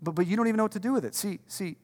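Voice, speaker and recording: A man's voice: sits high, racing, darkish tone. A male pastor preaching a sermon with emphatic rhetorical questions and casual slang. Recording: long reverb from a large hall.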